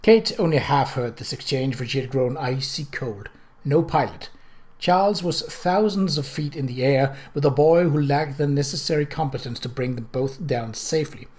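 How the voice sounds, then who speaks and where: Steady male audiobook reader. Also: medium pitch, moderate pace. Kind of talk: reading a novel aloud.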